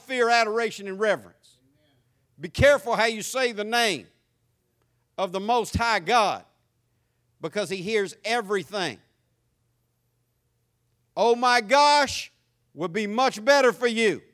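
Bright high-voiced Southern preacher. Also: male voice, a little slow, pauses often. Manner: folksy, emphatic preaching with mimicked exclamations. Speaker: pastor. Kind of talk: sermon.

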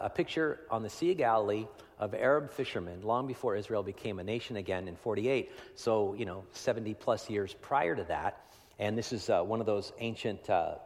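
A man preaching a sermon in a conversational way, often asking "right?" and swinging between loud emphasis and hushed, near-whispered lines. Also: fairly low pitch. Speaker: pastor. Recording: long hall reverb.

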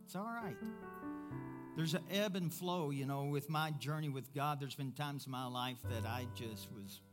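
A man preaching a sermon as pastor, first loud and emphatic, then quieter and conversational. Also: medium pitch, steady tone, normal speed, over music.

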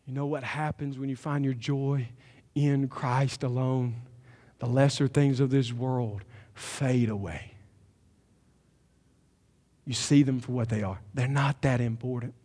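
A man's voice: medium pitch, steady tone, a little slow, long pauses. Emphatic male preacher in a reverberant hall. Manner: emphatic preaching, builds to loud climaxes. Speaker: pastor. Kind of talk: sermon. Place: church sanctuary.

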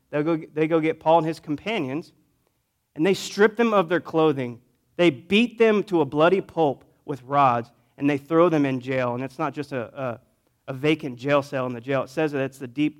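A male pastor with a fairly high voice tells a story from the pulpit as a conversational sermon. He pushes key phrases out loudly, then drops to soft, hushed asides. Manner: conversational, swings between loud emphasis and quiet asides.

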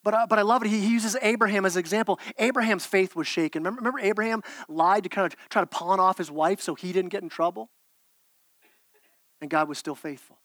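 A man's voice: high-pitched, fast talker, a bit bright, no room sound. A man preaching a sermon as pastor, earnest, with repeated words and restarts.

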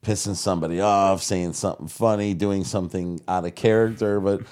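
A man hosting a talk show, reacting with excitable laughter in casual chat. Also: low voice, a little fast. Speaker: show host.

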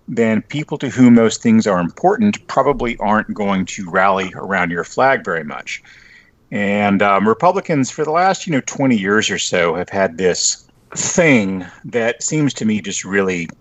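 A middle-aged man from the Texas Panhandle, a journalist guest chatting casually on a podcast, wry and lively, full of "you know" fillers. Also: lowish voice, a little slow, dry recording.

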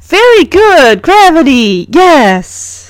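Woman doing a gentle grandmotherly teacher. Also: high voice, sing-song, extremely slow, no room sound, voice pushed up, exaggerated voice. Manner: gentle and patient. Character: kindly grandmotherly female schoolteacher.

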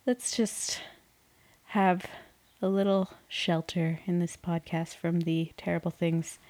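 A woman's voice: lowish voice, flat delivery, takes it slowly, a little mellow. Rambling, swearing podcast host woman. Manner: rambling, swears, self-deprecating, restarts often. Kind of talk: unedited casual podcast monologue.

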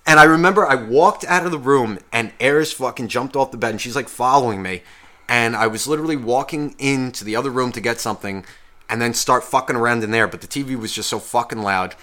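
A man's voice: medium pitch, quick pace, sharp tone. A young man co-hosting a podcast, telling a long story in a heated, swearing casual rant. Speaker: podcast co-host.

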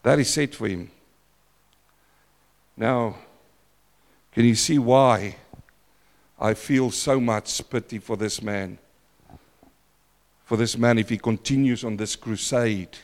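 A man preaching a sermon in a church, dramatic and repetitive, swinging between loud outbursts and hushed asides. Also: mid-range voice, takes it slowly, pauses often, big-room sound.

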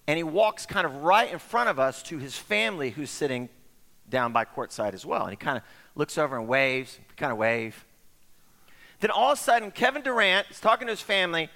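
A middle-aged man preaching a sermon as pastor, telling stories in an animated way and acting out the voices of the people in them. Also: a little high, fairly quick. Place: church sanctuary. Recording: long hall reverb.

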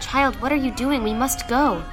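A woman's voice: a little high, normal speed, voice pushed up, close to an everyday voice. A woman voicing a kind, steadfast aging woman farmer in a told story, speaking plainly and earnestly. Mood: alarmed. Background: music.

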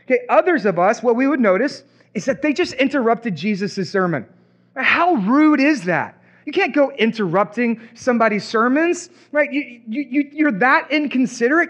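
A man preaching a sermon as pastor, animated and acting out imagined reactions. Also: extremely high pitch, moderate pace.

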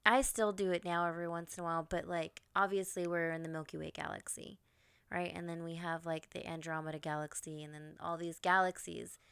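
A woman's voice: lowish voice, level tone, a little fast, creaky, fairly bright tone, clean tone. A woman co-hosting a podcast, wondering aloud and stringing question after question in casual chat.

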